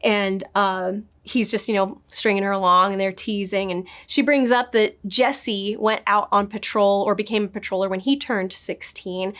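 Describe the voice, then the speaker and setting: A woman's voice: mid-range voice, steady tone, normal speed, hardly any pauses, fairly bright tone. A woman in her thirties casually reviewing a TV episode, chatty and gushing, acting out the characters' lines in her own voice. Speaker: show reviewer.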